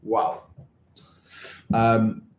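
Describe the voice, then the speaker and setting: A Welsh man chatting casually with viewers on a livestream, reading out comments and trying out halting Spanish. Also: lowish voice, completely flat delivery, a little mellow, roomy sound. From Wales. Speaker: vlogger on a livestream. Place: indoors in Bangkok.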